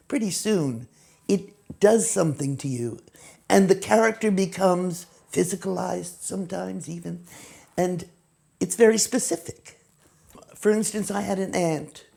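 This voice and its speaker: A woman, an acting teacher, explaining technique in a lively way and acting out short examples. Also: lowish voice, a little slow, creaky. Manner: animated, acts out examples in quoted voices. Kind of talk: teaching talk to camera.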